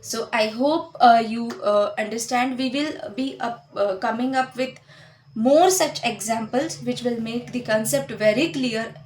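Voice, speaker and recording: A young woman teaching a whiteboard phonics lesson. She repeats each sound slowly for learners and mixes in some Hindi. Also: a little high, a little mellow, a little hiss or hum. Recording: echoey room.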